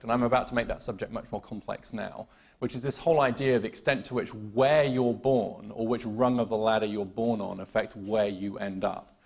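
British keynote speaker, man, gravelly timbre, dry self-mocking wit, talks through ums. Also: mid-range voice. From United Kingdom. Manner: wry, self-deprecating humor with many fillers and restarts. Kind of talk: conference keynote talk. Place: conference hall.

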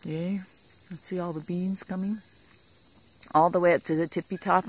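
A woman giving a casual tour of her vegetable garden, talking admiringly and softly, sometimes dropping to a whisper, recorded outdoors on a handheld camera. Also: on the low side, steady tone, normal speed, a little hiss or hum. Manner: admiring, soft-spoken, often drops to a whisper.

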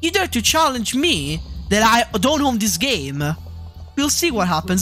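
A man's voice: very high voice, sing-song, normal speed, pushed and bright, faint music behind. A man hosting a gaming channel, chatting casually over gameplay, rambling, repeating himself and getting heated and swearing.

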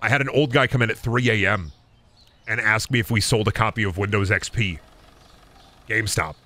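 A young man streaming a game, ranting in an animated, rambling way and swearing freely about past retail customers. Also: fairly low pitch, brisk. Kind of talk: ranting livestream commentary.

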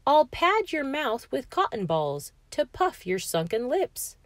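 A woman's voice: high-pitched, sing-song, unhurried, dry recording, pitched above the performer's own voice. Woman doing an eager portrait painter. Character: helpful male portrait painter.

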